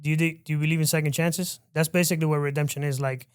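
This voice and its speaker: Smooth-voiced male podcast host. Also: a little high, flat delivery. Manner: easygoing, reacts briefly, asks questions slowly. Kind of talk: interview.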